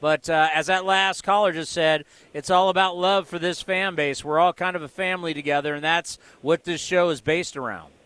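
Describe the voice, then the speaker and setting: A man's voice: a little high, fairly even intonation, moderate pace, hardly any pauses, a bit bright, smooth, no echo. A man hosting a sports call-in radio show, upbeat and encouraging with callers. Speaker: radio host.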